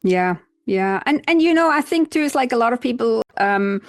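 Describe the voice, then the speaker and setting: A woman talks as a guest on a podcast interview, sharing her thinking as a decluttering coach. Her voice sits fairly high, and she reasons through ideas step by step. She often murmurs agreement while the host speaks. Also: animated, moderate pace. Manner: thoughtful, explains ideas step by step; frequent backchannel murmurs. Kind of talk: casual interview chat.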